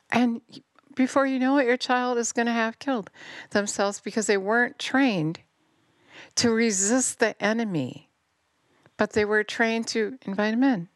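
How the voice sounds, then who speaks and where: A middle-aged woman giving an impassioned sermon, fervent and scolding, swinging from near-shouts down to low intense tones. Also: unhurried, dry recording, clean studio sound. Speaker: preacher.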